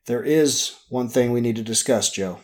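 A man's voice: mid-range voice, moderate pace, a little mellow, lightly acted. A man voicing a pleasant, cautious male boss in an audiobook. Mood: genial. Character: genial male boss, smooth and slightly hollow.

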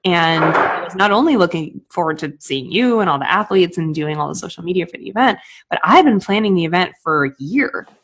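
A woman's voice: fairly low pitch, expressive, fairly quick, few pauses, fairly bright tone, slight background noise. A woman, chatting casually on a podcast, filling her talk with "like". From New England. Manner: chatty, full of "like" fillers. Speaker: podcast co-host.

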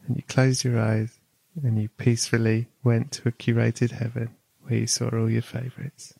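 Playful man with a gravelly voice. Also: medium pitch, monotone, normal speed, darkish tone, no echo. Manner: playful, spins a long whimsical tale. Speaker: podcast host. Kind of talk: casual chat with comic storytelling.

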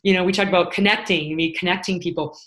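A woman guest speaking in a conversational interview as a motivational speaker, earnest and emphatic, sometimes breaking into animated quotes of herself. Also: fairly low pitch, fast.

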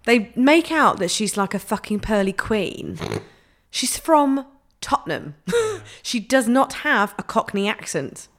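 A woman co-hosting a podcast, chatting casually, swearing freely and laughing easily. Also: medium pitch. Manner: lively, swearing, quick to laugh. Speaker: podcast co-host. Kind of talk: casual chat.

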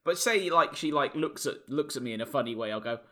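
A man's voice: mid-range voice, expressive, fast, a crowd in the background. A man co-hosting a casual comedy podcast, laughing often and slipping into silly voices for his dog. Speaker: podcast co-host. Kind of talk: casual chat.

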